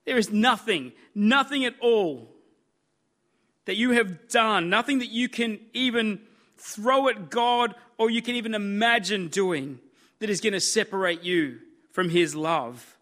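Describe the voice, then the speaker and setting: High-voiced, slow-speaking preacher man. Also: a bit bright. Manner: earnest, emphatic, building repetition. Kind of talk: sermon.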